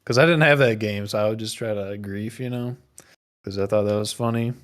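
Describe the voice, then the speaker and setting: A man with a fairly low voice tells loose stories and drops dry one-liners in a podcast chat. His delivery is easygoing and unhurried. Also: a bit bright. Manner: easygoing, wry, short remarks. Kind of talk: casual chat.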